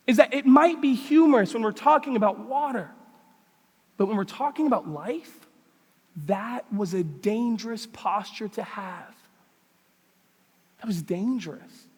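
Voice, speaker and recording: A man preaching a sermon as pastor, telling funny stories and asking the congregation pointed questions. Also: extremely high pitch. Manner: animated, humorous storytelling with many rhetorical questions. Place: church sanctuary. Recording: long church hall reverb.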